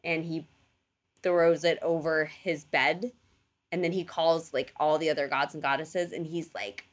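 A woman telling a story in casual chat, animated, full of fillers and casual swearing, acting out voices for the people in it. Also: on the low side, a little slow. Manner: animated storyteller, acts out quoted gods in playful voices.

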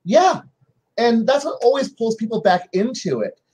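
A man on a game-master panel telling stories about his players in casual chat, acting out their lines in quick voices. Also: extremely high pitch, very animated, mellow, slightly rough, rough recording.

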